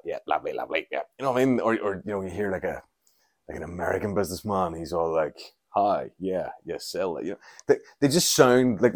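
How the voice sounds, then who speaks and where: A man's voice: low voice, no room sound. A Northern Irish man hosting a casual solo podcast from home, telling sweary, jokey stories while doing chores around the house. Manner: rambling, sweary, jokey storytelling. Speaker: podcast host.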